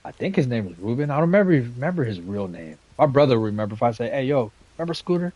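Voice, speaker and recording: A man's voice: mid-range voice, expressive, rapid-fire, darkish tone, slightly rough, dry recording, muffled recording. A man in his forties from San Jose, a gaming streamer telling childhood stories in slangy, profane street talk. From west side of San Jose, California. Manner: slangy, streetwise and profane, with lots of "you know what I'm saying" and "right?". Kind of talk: casual storytelling chat.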